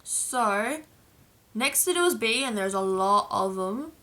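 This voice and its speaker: A young woman from Adelaide with a South Australian accent vlogs casually, reading through a list of slang and laughing at the entries. Her mid-range voice is animated, bright and forceful, and she takes her time. She's chatty and playful throughout.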